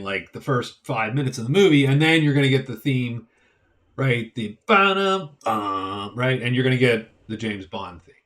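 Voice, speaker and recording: A chatty man talks through a movie review in a loose, rambling way. His voice sits at an ordinary middle pitch, and he often stops and restarts his sentences, adding wry, amused asides as he goes. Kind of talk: casual spoken movie review.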